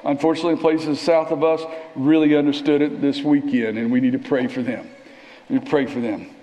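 A man preaching a sermon in a church, conversational and animated, sometimes dropping to a near whisper. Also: a little high, fairly quick, highs cut off. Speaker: pastor. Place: church sanctuary. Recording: long reverb of a church hall.

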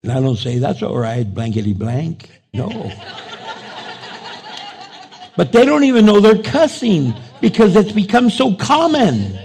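A man's voice: high voice, measured pace. A middle-aged male pastor preaching a storytelling sermon, acting out conversations in quoted voices. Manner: animated, acts out dialogue in quoted voices.

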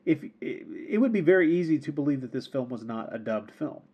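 Male podcast co-host, husky and mellow, casual rambling film talk. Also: on the high side, expressive, fast talker. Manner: rambling, repeats words, laughs often.

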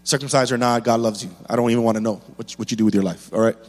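A man's voice: mid-range voice, fairly even intonation, very fast, big-room sound. A man preaching a sermon as pastor, building intensity with rhetorical questions and repeated lines.

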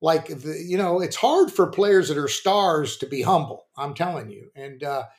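An older man, a former pitcher and coach, telling rambling stories on a podcast with plenty of restarts and fillers. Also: lively intonation, moderate pace. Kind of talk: casual storytelling.

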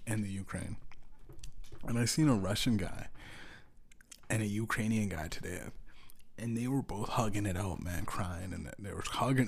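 A man hosting a podcast, rambling through a casual comedic monologue, swearing freely, laughing often and swinging from low mutters to loud outbursts. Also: creaky. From Canada. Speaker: podcast host.

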